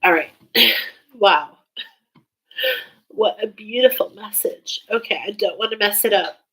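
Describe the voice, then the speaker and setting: A woman's voice: medium pitch, measured pace, fairly bright tone, breathy edge, rough recording. A woman giving an emotional, hesitant channeled spiritual reading, sighing and restarting as she speaks. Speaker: spiritual reader.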